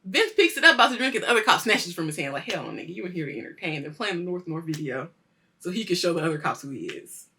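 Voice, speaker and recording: A woman hosting a weekly show, casually reviewing a TV episode, animated and swearing freely as she acts out the scenes. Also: on the low side, quick pace, a little hiss or hum. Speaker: host of a weekly culture show.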